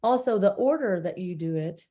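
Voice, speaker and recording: A woman's voice: mid-range voice, expressive, moderate pace, warm tone. A woman co-hosting a casual recap chat, talking earnestly and loosely with plenty of fillers. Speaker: co-host.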